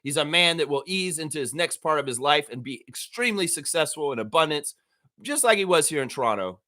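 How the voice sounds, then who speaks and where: A man hosting a casual daily fan livestream, talking excitedly, swearing and acting out bits of dialogue. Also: on the high side, brisk.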